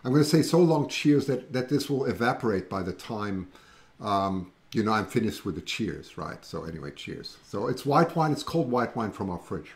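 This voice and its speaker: A man's voice: fairly low pitch, very animated, moderate pace. A man with a German accent, hosting a casual livestream, chatting and rambling and reading out viewer comments. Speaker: livestream host.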